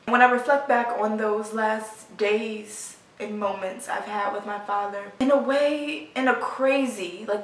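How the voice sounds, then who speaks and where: A woman of about twenty, telling a personal story in a halting, emotional way full of fillers, recorded in her apartment. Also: on the high side, fairly bright tone, far from the mic. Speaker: vlogger. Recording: roomy sound, voice from off the mic.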